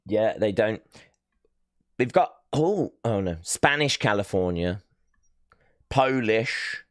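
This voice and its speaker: In a lowish, expressive voice, this man takes his time as he hosts a live watch-along stream. He's casual and a little rambling while reading viewer messages, self-mocking and full of fillers. It's a studio-quality recording with no echo.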